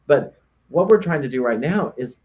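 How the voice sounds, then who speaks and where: A man's voice: on the high side, lively intonation, normal speed, darkish tone. A man, a realtor, co-hosting a casual podcast chat, explaining earnestly and often restarting his sentences.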